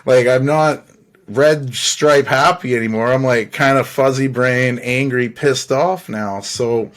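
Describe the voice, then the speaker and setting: A man's voice: mid-range voice, takes it slowly, a bit bright. A man hosting a podcast, telling a long personal story in a loose, rambling way, swearing freely and laughing between phrases. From Canada. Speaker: podcast host. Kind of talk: casual storytelling monologue.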